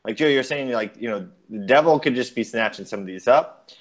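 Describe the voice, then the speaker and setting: Mock-ominous man, mid pitch. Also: brisk. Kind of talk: comedic casual chat.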